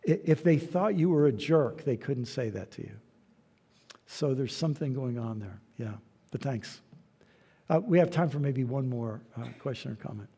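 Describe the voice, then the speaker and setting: A man speaking as a guest lecturer, answering questions and telling stories in a relaxed, conversational way in a church hall. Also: medium pitch, normal speed, breathy edge. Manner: conversational storytelling, soft trailing endings. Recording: hall reverb.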